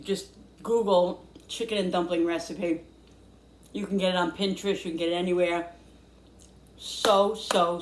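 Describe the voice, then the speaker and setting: A woman hosting a casual cooking vlog from her home kitchen, gushing and excitable about the food as she eats and talks. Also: on the low side, reverberant, a little hiss or hum. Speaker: cooking vlogger.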